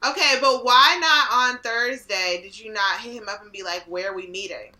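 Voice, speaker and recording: A woman's voice: fairly high pitch, moderate pace, sharp tone. A woman co-hosting a casual chat, teasing and blunt, laughing a lot.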